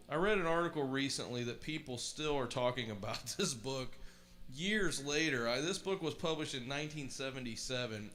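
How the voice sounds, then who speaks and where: Middle-aged man, livestream host, casual chat, enthusiastic, rambling, mid-pitched voice. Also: fairly bright tone.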